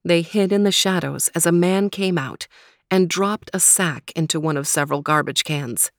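A woman narrating a children's storybook in a steady, measured way. Her voice sits low, and the recording is dry and close, with no room sound. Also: no echo. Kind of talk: storybook reading.

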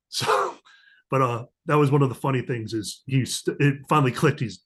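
A man's voice: medium pitch, brisk. A middle-aged man, a podcast guest, casually telling stories and acting out the lines of the people in them. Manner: animated storyteller, acts out quoted dialogue. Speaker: podcast guest, diplomatic security agent. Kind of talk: casual storytelling interview.

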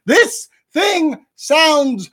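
Slow, lively woman podcast host. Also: sits high, no room sound. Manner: reads announcements then adds excited comments. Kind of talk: casual chat and reading news.

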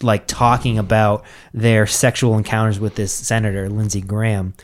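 A man's voice: fairly low pitch, little pitch movement, moderate pace. A man chatting casually on a podcast, rambling through a story with lots of swearing and filler words. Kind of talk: casual chat.

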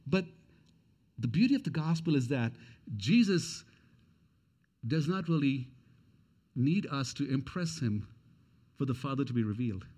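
A man's voice: mid-range voice, expressive, measured pace, pauses often, dark tone. A man preaching a sermon as pastor. He speaks earnestly and repeats his key questions for emphasis.

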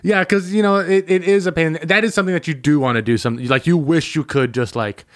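Young male podcast host, quick rambling chatter, dry close mic. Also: fairly high pitch, no echo. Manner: rambling, swears, acts out customers. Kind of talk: casual chat.

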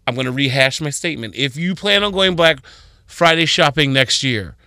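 A man on a morning radio show, retelling events with big excitable swings up into squeaky highs. His voice is bright and forceful, close and dry in the studio. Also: moderate pace, dry recording. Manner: excitable, jumps to high squeals when retelling. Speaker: radio co-host. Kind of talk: animated storytelling on morning radio.

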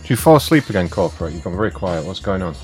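Deep-voiced, foul-mouthed prank caller. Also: male voice, sing-song, very fast, faint music behind. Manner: profane and sarcastic, mutters insults between calls. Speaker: prank caller and show host. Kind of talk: prank phone call show.

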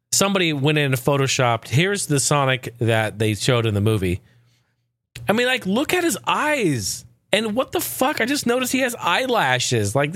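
A man's voice: medium pitch, no echo. Rambling, profane male podcast host. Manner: loose, rambling and profane, chuckling often. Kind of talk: casual podcast chat.

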